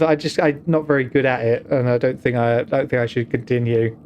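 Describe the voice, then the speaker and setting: A man's voice: mid-range voice, level tone, fairly quick, lo-fi sound, a little hiss or hum. Rambling joking British man. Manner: joking, rambling, self-mocking. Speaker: streamer. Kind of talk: casual game commentary.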